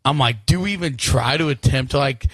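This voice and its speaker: A male podcast co-host talks hesitantly in casual chat, stopping and restarting often. His voice sits at a mid pitch. The recording is dry and close-miked. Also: fairly bright tone, no room sound. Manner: hesitant, halting starts.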